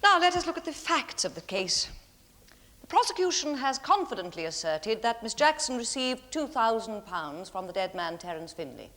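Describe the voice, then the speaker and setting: An actress playing a defence barrister addressing the jury with a formal, earnest plea in a 1970s television courtroom drama. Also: female voice, fairly high pitch, big pitch swings, normal speed, fairly bright tone. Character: composed female barrister defending client. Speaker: defence counsel.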